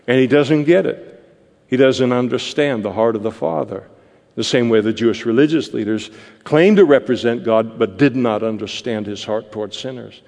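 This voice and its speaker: A man's voice: mid-range voice, moderate pace, gravelly, darkish tone, in a large hall. A male preacher explaining a Bible passage verse by verse in a conversational, explanatory manner. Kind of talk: verse-by-verse sermon.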